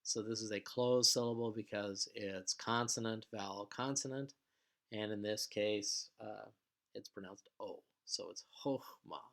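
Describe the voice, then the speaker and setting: A man teaching biblical Hebrew vocabulary in a recorded lecture, patient and explanatory, with frequent filler sounds and phrases that trail off quietly. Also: fairly low pitch, fairly even intonation, measured pace, creaky.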